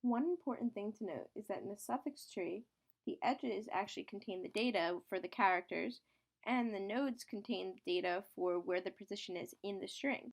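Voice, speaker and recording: A young woman student reads a prepared technical explanation at an even, steady pace. Her voice sits mid-pitch with a noticeable gravelly fry running through it. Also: moderate pace. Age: young adult. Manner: steady, scripted reading. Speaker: student presenter.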